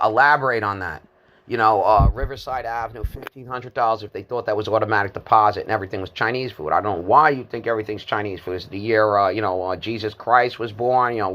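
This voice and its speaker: A man's voice: fairly low pitch, fast talker, bright, forceful tone, highs cut off. A man in his fifties giving a rambling, disjointed monologue, hesitant, with many fillers and repeated words. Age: 50s.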